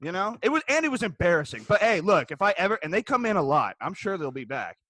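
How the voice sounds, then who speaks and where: A man chatting as a podcast co-host, his high voice swinging up and down as he rants through a story with plenty of swearing. The sound is dry and close, with no room around it. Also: quick pace, no room sound. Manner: animated, profane ranting storyteller. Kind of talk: casual storytelling chat.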